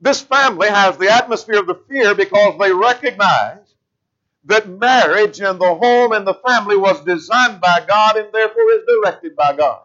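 A man delivers a sermon in a steady, teaching manner, leaning on each verse as he goes. His voice sits high and sounds bright and forward. The recording is somewhat muffled and lo-fi. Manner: measured teaching, slowing to stress scripture verses. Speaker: preacher.

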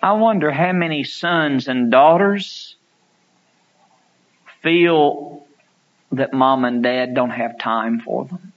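A man preaching a sermon, telling stories and acting out quotes, climbing to loud pleading peaks. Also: mid-range voice, takes it slowly, pauses often, muffled recording.

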